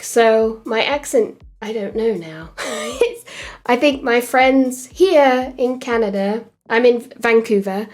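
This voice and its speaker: An English woman whose accent blends Essex and the Midlands, talking in a slow, easygoing way during a casual livestream. Her voice sits a touch high, and she fills her pauses with ums as she works. Soft music plays faintly underneath. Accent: English, a mix of Essex and Midlands. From England. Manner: relaxed and hesitant, with frequent ums and trailing phrases. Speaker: animator streaming her work. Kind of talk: casual livestream chat while working.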